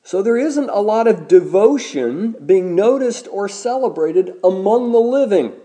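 A man preaching a sermon as a pastor, measured and deliberate, slowing down to stress key words. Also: high voice, animated, warm tone.

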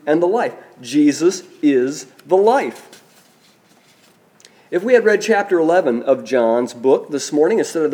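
A man preaching a sermon, slow and deliberate, letting his voice drop soft on key phrases. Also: fairly high pitch. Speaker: pastor.

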